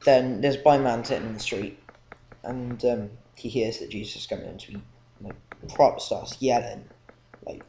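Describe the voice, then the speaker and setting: A man's voice: medium pitch, fairly even intonation, normal speed, mellow. A young man giving casual, rambling Bible commentary with lots of ums. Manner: rambling, informal, many ums. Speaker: Bible reading vlogger. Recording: echoey room, faint noise.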